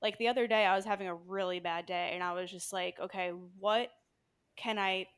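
Woman guest, nurse and yoga teacher, mid-pitched everyday voice, candid and casual, swears freely. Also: fairly even intonation, a little fast, a bit bright, clean tone. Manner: candid and frank, swears casually, talks in loose run-on phrases. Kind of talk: casual conversational interview.

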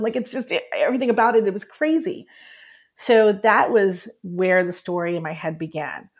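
A woman's voice: lowish voice, expressive, brisk, breathy edge. A middle-aged woman guest telling a personal story candidly and with feeling, laughing at times as she recalls it. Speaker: guest, writer.

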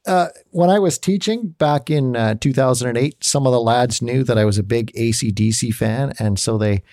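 A man co-hosting a casual music podcast, telling animated stories and laughing often. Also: mid-range voice, moderate pace, dry recording, studio quality. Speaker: podcast co-host. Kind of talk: casual chat.

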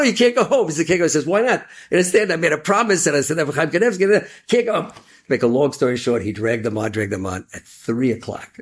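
Guy telling an inspiring story real fast, raspy gravelly voice, mixing in yiddish words. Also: fairly low pitch.

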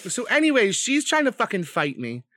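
A young man co-hosting a podcast, telling a profane, animated story in casual chat. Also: high-pitched, fairly quick, dry recording, clean studio sound. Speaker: podcast co-host.

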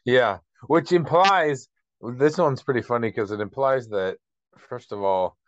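A man co-hosting a podcast in casual chat, chatty and quick to laugh. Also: mid-range voice, no echo, dull audio. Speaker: podcast co-host.

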